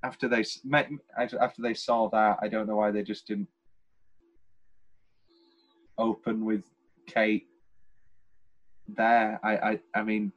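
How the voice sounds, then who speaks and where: A man's voice: on the low side, little pitch movement, measured pace, dull audio. A man co-hosting a podcast, chatting casually and enthusiastically about a film, rambling with restarts. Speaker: podcast co-host. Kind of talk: casual film review chat.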